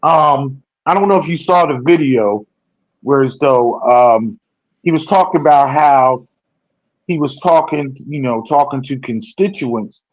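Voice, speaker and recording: Slow-talking man in a dull lo-fi recording. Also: fairly high pitch, no echo. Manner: rambling, self-correcting, animated when making a point. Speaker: political talk show co-host. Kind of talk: casual political discussion. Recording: dull lo-fi sound.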